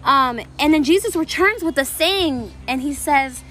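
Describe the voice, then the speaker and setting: A woman's voice: sits high, animated, unhurried, a bit bright. A woman hosting a casual faith podcast outdoors, chatty and enthusiastic, with many fillers. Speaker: podcast host. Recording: music playing underneath.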